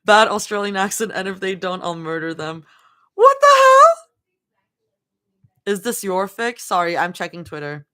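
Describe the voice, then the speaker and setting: Her voice is lowish and a bit bright, and she reads quickly with barely a pause. It's a live fan fiction reading where she laughs often and chats with her viewers as they react.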